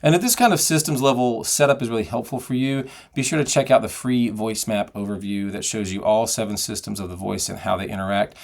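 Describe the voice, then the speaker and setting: This voice teacher, a middle-aged man, has a fairly low, steady voice with vocal fry. He moves briskly with hardly any pauses as he explains technique and sings example sounds and phrases.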